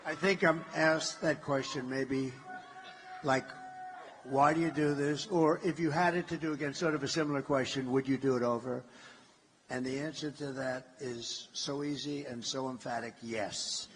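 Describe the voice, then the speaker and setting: A man's voice: mid-range voice, steady tone, moderate pace, slight background noise. An older man answering a voter's question at a campaign event, in an emphatic, boastful, rambling way that repeats itself. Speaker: political candidate at a town hall. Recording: live event with faint ambience.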